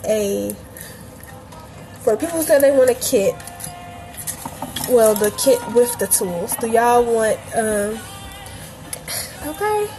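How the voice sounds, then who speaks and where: A young woman with a fairly high voice hosts a casual jewelry tutorial livestream and talks loosely and directly to her viewers. She sounds a bit hoarse. Soft music plays faintly underneath. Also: expressive, slow, long pauses, poor audio. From Cleveland, grew up in Atlanta.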